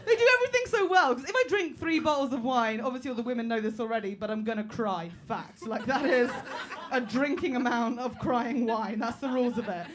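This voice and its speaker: High-voiced woman doing loud stand-up. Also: fairly quick, hardly any pauses. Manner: loud bursts and shouted punchlines. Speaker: stand-up comedian. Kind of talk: stand-up comedy routine. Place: small comedy club. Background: audience laughter.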